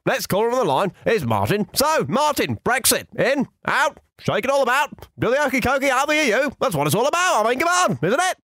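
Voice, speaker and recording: A man's voice: very high-pitched, big pitch swings, a little fast, few pauses, bright, forceful tone, dry recording, clean studio sound, heavily acted. A man doing a comedy impression of a pompous, blustering right-wing talk radio host.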